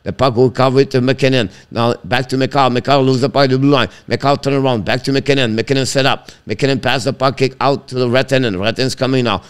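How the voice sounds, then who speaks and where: Excitable man calling hockey. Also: clear, resonant tone. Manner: rapid clipped calls, pitch jumping sharply on shots. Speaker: hockey play-by-play commentator. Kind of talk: live stream play-by-play commentary.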